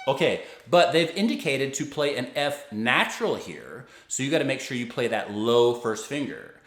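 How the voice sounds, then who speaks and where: A man teaching violin, patiently explaining fingerings and bowing and counting beats out loud. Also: mid-range voice, big pitch swings, normal speed, faint music behind. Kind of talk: instructional explanation. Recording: echoey room with loud violin playing.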